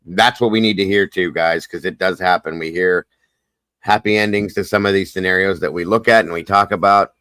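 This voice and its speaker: A man's voice: deep voice, fairly bright tone, no echo. A man with a Southern US accent hosting a casual livestream chat, folksy, repetitive and upbeat. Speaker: host.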